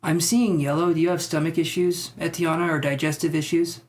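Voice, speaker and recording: A man giving psychic tarot readings on a live stream. He talks in a tentative, musing way, thinks out loud with many fillers, and reassures his viewers. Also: fairly high pitch, level tone, a little fast. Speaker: tarot reader.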